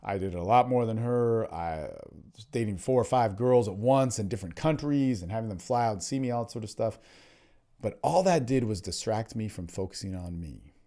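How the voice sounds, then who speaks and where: A man hosting a solo podcast, talking candidly and profanely, swinging between emphatic bursts and low muttering, and often calling the listener "man.". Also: lively intonation, normal speed, mellow. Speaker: podcast host and dating coach.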